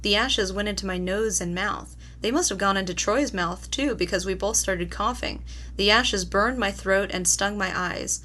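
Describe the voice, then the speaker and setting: A woman's voice: medium pitch, moderate pace. A woman reading a novel aloud as an audiobook narrator, voicing the dialogue as she goes. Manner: reads dialogue with voiced characters, louder in tense scenes. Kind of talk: scripted narration.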